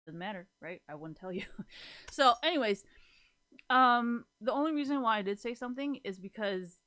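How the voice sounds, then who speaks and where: A woman's voice: medium pitch, animated, moderate pace, a bit bright. A woman in her twenties ranting casually to her viewers, profane and rambling, with "like" in nearly every sentence. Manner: profane, rambling, says "like" constantly. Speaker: vlogger.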